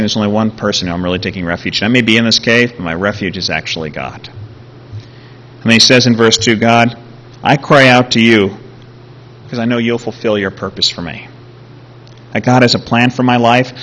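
Bright-voiced male preacher. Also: medium pitch. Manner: animated storytelling, acting out quotes. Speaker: pastor. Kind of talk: sermon.

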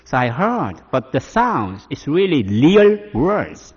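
Male pastor, husky voice, lively rising and falling pitch, English, dull echoey hall recording. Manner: emotional, halting non-native English. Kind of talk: testimony sermon.

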